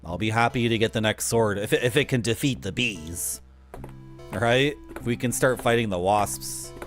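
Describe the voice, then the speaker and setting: A man's voice: on the low side, moderate pace, soft background music. A man streaming a video game and chatting casually, with wry asides to his viewers. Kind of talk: casual gameplay commentary.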